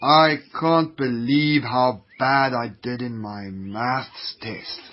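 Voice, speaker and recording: A man's voice: medium pitch, takes it slowly, lo-fi sound, a little hiss or hum, natural voice. A man playing a whiny young schoolboy. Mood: sulky. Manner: whiny, sulky complaining. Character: easily led young schoolboy. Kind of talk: children's radio drama.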